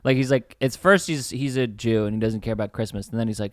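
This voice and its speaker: An excitable man chatting on a podcast about a film, jumping into little acted-out bits of the scenes. His voice is smooth and clean, recorded close and dry with no room sound. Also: fast, dry recording. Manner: excitable, acts out scenes with swooping pitch, swears casually. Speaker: podcast co-host. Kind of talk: casual film review chat.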